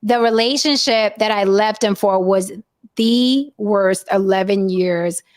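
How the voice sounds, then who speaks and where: A woman telling a wild personal story in casual chat, profane and animated. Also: mid-range voice, slow.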